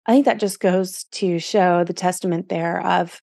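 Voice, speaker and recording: A woman's voice: on the low side, steady tone, normal speed, vocal fry, darkish tone, dry recording. Earnest woman podcast host, dry sound. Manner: earnest, emotional, reflective. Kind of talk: casual interview chat.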